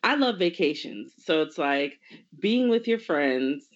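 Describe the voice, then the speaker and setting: A woman's voice: low-pitched, big pitch swings, unhurried, highs cut off. A woman co-hosting a casual chat, rambling enthusiastically. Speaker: co-host.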